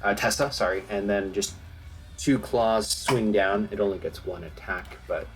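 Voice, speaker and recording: A man's voice: on the low side, moderate pace, low-quality recording. Easygoing man running a tabletop game. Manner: relaxed, easygoing narration with fillers. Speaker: game master.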